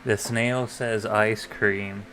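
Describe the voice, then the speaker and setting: A man chatting quietly on a live stream, keeping his voice soft because of a sore throat. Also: lowish voice, fairly even intonation, extremely slow, slight background noise. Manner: soft-spoken, near-ASMR quiet talk. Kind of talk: casual stream chat. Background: faint lo-fi music.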